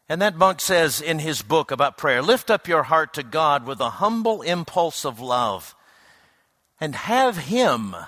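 Bright-voiced man preaching a sermon. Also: on the high side, dry recording, studio quality. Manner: reflective, unhurried, with hesitant restarts.

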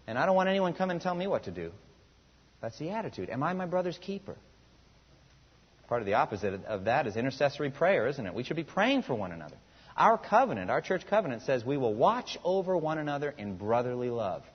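A reverberant hall and muffled audio frame a male pastor's sermon. His husky, medium-pitched voice asks the congregation rhetorical questions and reads scripture aloud with mounting emphasis.

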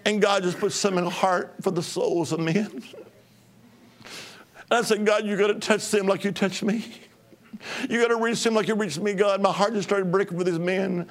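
Male evangelist from Alabama, bright high voice, exuberant shouting testimony sermon. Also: steady tone, moderate pace. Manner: shouting, exuberant, bursts of tongues.

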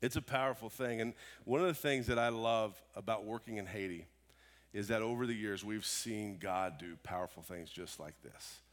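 A man preaching a sermon, telling a story with animated voices that swing from loud exclamations to hushed, quiet lines. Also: lowish voice, moderate pace. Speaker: pastor.

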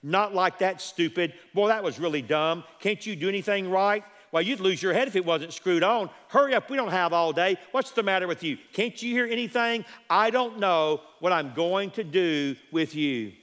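A man's voice: high voice, moderate pace, hardly any pauses, fairly bright tone, pitched above the performer's own voice. A man playing a harsh, snapping parent. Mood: harsh, scolding. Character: impatient scolding parent berating a child. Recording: long hall reverb.

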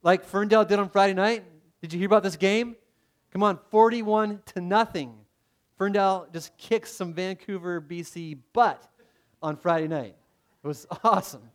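A man's voice: high-pitched, moderate pace. A middle-aged man preaching a sermon in a conversational way, often restarting his phrases and acting out the voices he quotes. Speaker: pastor.

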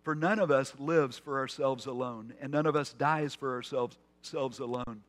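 A man's voice: mid-range voice, moderate pace, fairly bright tone. A man preaching a conversational sermon as pastor, with asides and restarts. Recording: long hall reverb.

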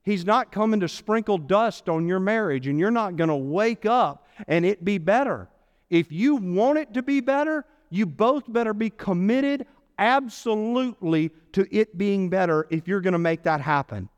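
A man preaching a sermon as pastor, telling a Bible story with playful asides and lively delivery. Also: high-pitched, normal speed, smooth, lo-fi sound. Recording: long hall reverb.

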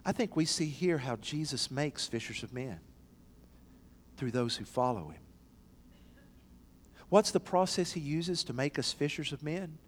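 A man's voice: on the high side, expressive, a little slow, pauses often, slight background noise. A man preaching an emphatic sermon in a church, bringing quoted voices to life. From East Tennessee. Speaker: pastor. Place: church sanctuary. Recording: long hall reverb.

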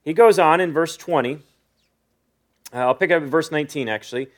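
A middle-aged male pastor preaching a sermon in an earnest way, reading scripture slowly with emphasis. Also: on the high side.

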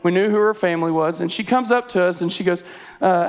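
A man's voice: high-pitched, quick pace. A young man, preaching a sermon in an earnest, conversational way, telling a personal story and leading a prayer. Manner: earnest, conversational with filler words. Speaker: pastor. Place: church sanctuary. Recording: long reverb in a hall.

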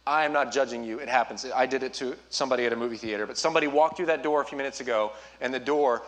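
A man preaching as a youth pastor, urging his listeners directly with an earnest, personal manner and quick asides. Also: mid-range voice. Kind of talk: sermon.

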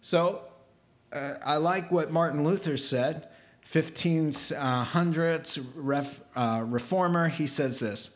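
A man preaching a sermon to his church in a lively, humorous, conversational way, getting fired up as he goes. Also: on the high side, slow pace. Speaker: pastor.

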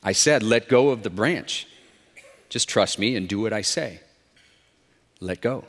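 Pastor putting on a quiet, slow, unbothered God voice, dry and deadpan. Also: male voice, lowish voice, in a large hall, voice pushed down. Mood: calm. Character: calm, dry-humored male God voice. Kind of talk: acted joke in a sermon.

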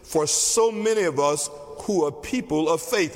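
A man's voice: on the high side, faint music behind. Male pastor, sermon delivery, emphatic repetition, long church-hall reverb. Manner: emphatic, repeats key phrases slowly.

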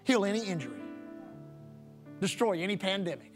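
A male pastor delivering a sermon in a strikingly high voice. He drives his points home by repeating phrases over and over in a rhythmic preaching cadence. Soft music plays faintly behind him. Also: sing-song, normal speed.

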